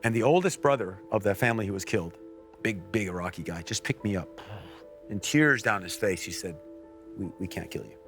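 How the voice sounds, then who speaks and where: An American man telling a personal story on a faith talk show, earnest, with quiet and emotional stretches. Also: lowish voice, animated, a little fast, soft background music. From United States. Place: TV studio.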